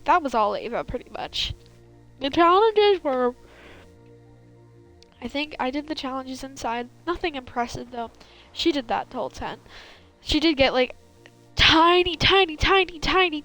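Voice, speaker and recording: A woman's voice: sits high, fairly bright tone, rough recording. A young woman streaming a building game, chatting casually and rambling with lots of fillers in a valley girl lilt. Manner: rambling, filler-heavy, self-correcting. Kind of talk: casual chat while gaming.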